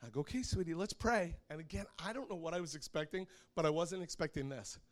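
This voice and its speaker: A middle-aged man preaching a sermon, telling a personal story in an animated way and laughing often. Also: on the high side, fast talker.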